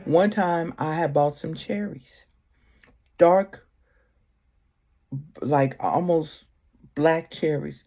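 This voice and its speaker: A woman giving casual spiritual advice to camera, heartfelt and conversational, sometimes sinking to a soft near-whisper. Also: sits low, very slow, long pauses.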